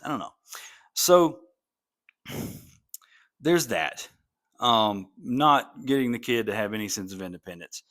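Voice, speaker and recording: A candid man telling a personal story straight to his listeners, with a middle-pitched voice. He talks frankly and unpolished, full of fillers and self-corrections. It sounds like relaxed, personal podcast talk. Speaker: podcast host.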